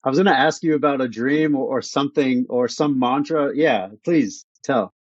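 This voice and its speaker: A man at a middle pitch hosts a podcast and asks long, thoughtful, rambling questions. His voice sounds dry and close, with a slightly dull, muffled tone. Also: moderate pace, no room sound. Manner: relaxed, thoughtful, winding questions. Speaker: podcast host. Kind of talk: interview questions.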